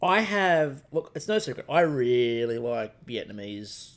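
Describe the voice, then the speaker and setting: A man's voice: medium pitch, sing-song, unhurried. A man co-hosting a podcast, chatting casually about a baking show in a rambling, jokey way. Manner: rambling, jokey, with many restarts and acted-out quotes. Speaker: podcast co-host.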